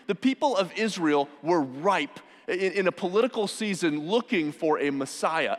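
A man preaching a sermon as pastor, speaking emphatically and asking rhetorical questions. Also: high-pitched. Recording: long hall reverb.

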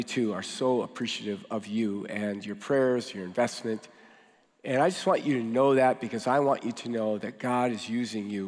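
A man with a cold, his voice deeper than usual, giving a sermon as pastor to his church with casual joking asides. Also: darkish tone. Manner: joking, conversational preaching with fillers. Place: large church hall. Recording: long hall reverb.

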